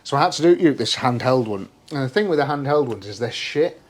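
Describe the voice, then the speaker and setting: Swearing, animated male storyteller. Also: medium pitch, fast talker. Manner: animated storyteller, swears freely, acts out quoted speech. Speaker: podcast co-host. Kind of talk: casual chat.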